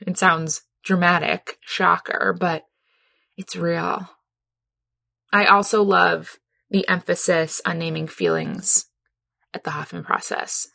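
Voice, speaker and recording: A woman's voice: fairly low pitch, animated, takes it slowly, vocal fry, pauses often, bright, forceful tone, no room sound. A woman talking earnestly and heartfelt about a personal experience, laughing easily as she tells it. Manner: earnest, heartfelt, laughs often while telling. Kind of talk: personal reflective talk.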